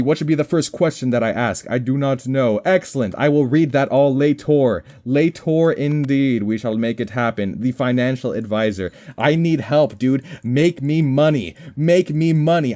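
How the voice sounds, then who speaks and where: A man's voice: mid-range voice, darkish tone. A young man giving rambling, joking commentary over his gameplay in a mock-formal, goofy way. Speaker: gaming commentator.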